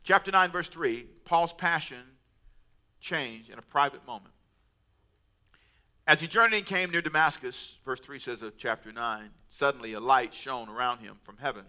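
A middle-aged man preaching a sermon as pastor, animated and humorous, with asides. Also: medium pitch, moderate pace.

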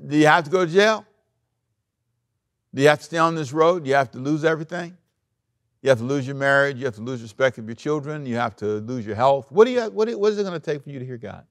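A male pastor preaching a sermon, animated, acting out the scripture story with big swings in loudness. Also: medium pitch, fast talker, no echo, clean studio sound.

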